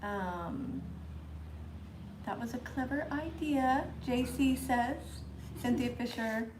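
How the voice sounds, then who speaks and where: A woman co-hosting a live crafting stream, reading viewer comments aloud in an unhurried, giggly way. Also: fairly high pitch, lively intonation, echoey room, noisy background. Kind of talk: casual chat on a live stream.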